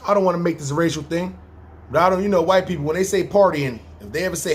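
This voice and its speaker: A New York man with a high voice talks fast, with a little hiss or hum in the audio. He's a podcast storyteller spinning a long, rambling tale in his New York accent, swearing freely and acting out what people said.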